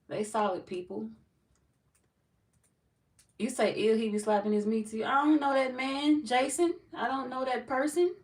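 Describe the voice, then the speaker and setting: On a casual livestream, a woman tarot reader greets her live chat in a medium-pitched voice picked up by a distant mic. She chats loosely with viewers, reads their comments aloud, and laughs often.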